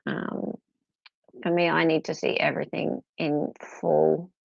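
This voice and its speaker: Aussie lady chatting on a stream, low gravelly voice, kinda dull lo-fi sound, teasing and chatty. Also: level tone, unhurried, dry recording. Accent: Australian. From Australia. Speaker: livestream host reading chat. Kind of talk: casual chat.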